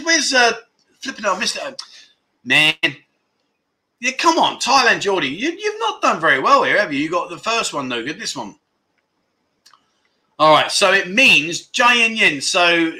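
His voice is high, pushed and bright. He's a man running a casual live stream, jokily and haphazardly reading viewer comments aloud and cracking up at his own mistakes.

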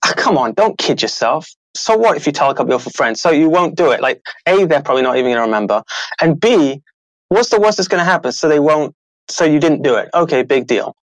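A middle-aged man, an author and show host, telling a story in a casual, animated way and acting out the people he quotes. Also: fairly high pitch, fast, no room sound, low-quality recording. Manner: animated, acts out quoted voices, laughs often.

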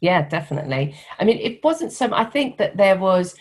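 A middle-aged woman with a softened London Cockney accent, talking candidly as an interview guest and telling stories with animation. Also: medium pitch, moderate pace. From East London, England. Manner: candid, animated storytelling with laughs. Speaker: guest, founder of a women's network. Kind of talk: conversational interview.

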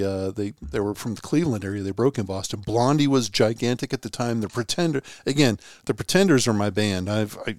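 A man's voice: fairly low pitch, dry recording. Rambling man with a dry, close sound. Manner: rambling storyteller with many restarts. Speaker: podcast co-host. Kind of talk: casual sports podcast chat.

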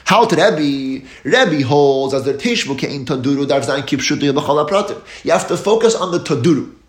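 A man giving a Talmud lecture, explaining each step in a steady teaching cadence and lifting his voice on key terms. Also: fairly high pitch, fairly quick. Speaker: Torah teacher. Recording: echoey room.

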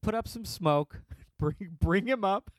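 A man hosting a comedy podcast with a fairly high, very lively voice that swings all over as he rambles through a profane story, laughing often. He is recorded close and dry, with no room sound. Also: a little slow, no echo. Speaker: podcast host.

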